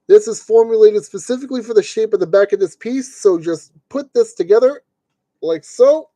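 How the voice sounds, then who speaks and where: Man, high and soft-toned, chatty streamer narrating a kit build, dry room. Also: no room sound. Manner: chatty, talks himself through each step. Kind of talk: casual live-stream narration. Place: at a desk indoors.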